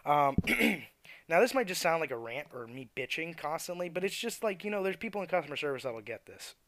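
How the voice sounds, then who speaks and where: A young man rants with blunt, profane exasperation. His voice sits a little high for a man. The recording is dry and close, with no room sound. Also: big pitch swings, brisk, fairly bright tone, no echo. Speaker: podcast host. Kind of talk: ranting monologue.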